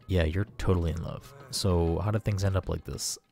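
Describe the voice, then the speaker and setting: A man's voice: deep voice, steady tone, normal speed, vocal fry, hardly any pauses, warm tone. A man hosting a game playthrough, reading the characters' dialogue aloud in a casual way. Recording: faint game music behind.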